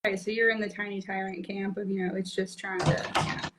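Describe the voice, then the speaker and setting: A woman chatting casually as a podcast guest, telling animated stories with lots of fillers. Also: mid-range voice, fairly quick, low-quality recording. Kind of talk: casual chat.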